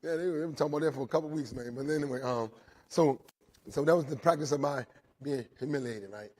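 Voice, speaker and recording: A man's voice: mid-range voice, fast talker, darkish tone. A middle-aged man giving an earnest recovery testimony to inmates at a jail, tagging almost every sentence with "right?" and repeating his phrases as he tells his story. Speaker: recovery speaker. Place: speaking live to inmates inside a jail.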